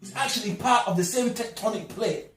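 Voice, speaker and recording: A man's voice: sits high, brisk, a bit bright. A man speaking as a guest in a religious discussion, earnest and emphatic like a preacher. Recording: echoey room, far from mic, music behind.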